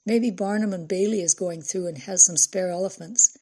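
Woman reading chatty caring woman, brisk, affectionate, husky low voice. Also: dark tone.

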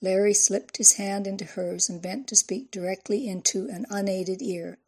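A woman reading a novel aloud in a measured, even storytelling voice. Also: mid-range voice, breathy edge. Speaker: narrator. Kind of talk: audiobook narration.

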